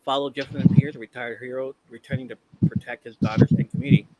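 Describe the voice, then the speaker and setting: A man's voice: mid-range voice, steady tone, quick pace, dull audio. A man hosting a casual podcast, counting down a ranked list in a loose, profane way and often trailing off to restart. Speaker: podcast host. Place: live-streamed podcast. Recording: clear background noise with clicks.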